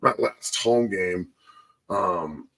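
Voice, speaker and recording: A man's voice: deep voice, extremely slow, gravelly, fairly bright tone, far from the mic, low-quality recording. A man hosting a casual sports talk show, reflecting in a rambling way and getting choked up. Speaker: sports show host, former player.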